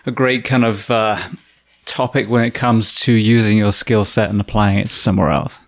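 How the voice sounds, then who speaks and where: A man hosting a podcast, calmly asking his guest questions. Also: fairly low pitch, normal speed, creaky. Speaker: podcast host. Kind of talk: interview questions.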